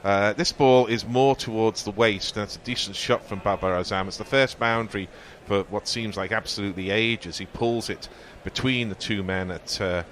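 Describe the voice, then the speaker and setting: A man giving measured, descriptive ball-by-ball cricket commentary on the radio, with occasional fillers. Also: lowish voice, steady tone, a bit bright, a little hiss or hum.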